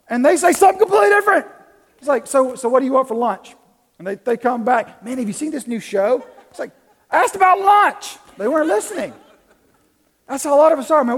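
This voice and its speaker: High-voiced pastor preaching in a hall. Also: male voice. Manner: conversational preaching, swings from soft to loud. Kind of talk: sermon. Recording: long reverb in a large hall.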